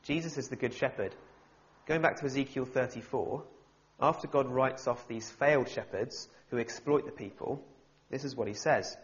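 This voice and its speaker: Humorous, animated male preacher. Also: medium pitch, moderate pace. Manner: humorous and animated, with wry asides. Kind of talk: sermon. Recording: slightly dull, muffled sound.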